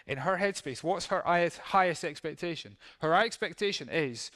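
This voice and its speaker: A man's voice: sits high, expressive, normal speed, hardly any pauses, bright, forceful tone. A male pastor preaching a sermon in a conversational way, reading verses and acting out how they might sound.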